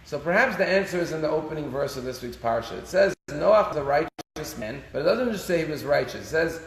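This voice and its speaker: A rabbi giving a casual daily sermon, telling stories and using Hebrew phrases. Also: male voice, a little high, expressive, a little fast, vocal fry. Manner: conversational storytelling, Hebrew phrases. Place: synagogue sanctuary. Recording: echoey synagogue hall.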